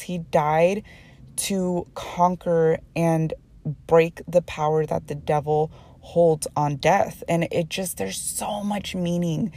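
A woman's voice: fairly low pitch, fairly even intonation, slow, mellow. A woman hosting a personal faith podcast, talking earnestly and emotionally and often restarting her sentences. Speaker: podcast host.

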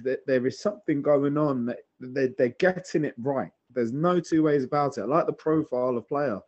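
A man's voice: mid-range voice, a little mellow. An enthusiastic man talks football in a casual podcast chat, tripping over restarts as he builds his point. His voice comes through a dull, lo-fi microphone. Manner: enthusiastic, halting with many restarts. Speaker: podcast co-host.

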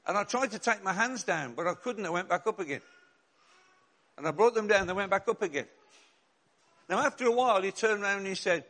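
A middle-aged man delivers a sermon as a pastor, his voice sitting high for a man. He tells stories from the pulpit and draws out key words for emphasis. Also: lively intonation, a bit bright. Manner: storytelling, slows and rises for emphasis.

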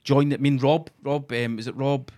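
A Scottish man co-hosting a podcast, chatting casually and telling sweary, animated stories. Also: medium pitch, normal speed. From Scotland. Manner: sweary, animated storytelling with acted-out quotes. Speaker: podcast co-host. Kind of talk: casual chat.

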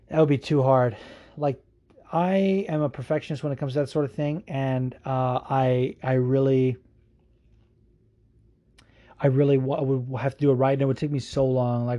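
Rambling, profane man with a mellow voice. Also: medium pitch. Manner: profane, rambling, laughs often, many restarts. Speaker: podcast host answering listener questions. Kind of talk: casual solo podcast chat.

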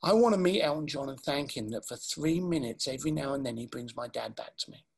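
A grown son quietly recalls his late father, his voice gravelly and husky as a man retells his words. He speaks slowly and haltingly, with deep feeling. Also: expressive. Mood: tender.

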